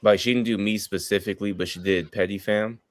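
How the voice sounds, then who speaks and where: A man's voice: fairly low pitch, fairly even intonation, brisk, no room sound. A man in casual livestream banter, joking and blunt, on a call mic. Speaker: streamer. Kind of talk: casual group chat on a livestream.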